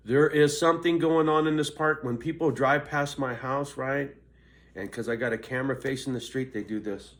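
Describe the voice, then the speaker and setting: A man's voice: mid-range voice, moderate pace. An older man vlogging, cursing constantly in a riled-up, confrontational rant. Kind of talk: angry ranting vlog.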